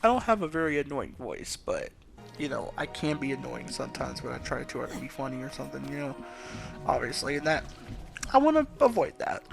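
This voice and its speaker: A man giving soft-spoken, rambling let's play commentary at home at night, with game music behind. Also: mid-range voice, sing-song, fairly quick, gravelly.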